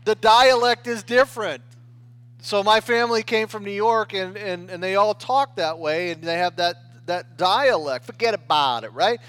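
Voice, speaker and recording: A man's voice: high-pitched, unhurried, a bit bright. A man preaching a sermon in a conversational style, often checking in with the listeners and restarting his phrases. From United States. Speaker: pastor.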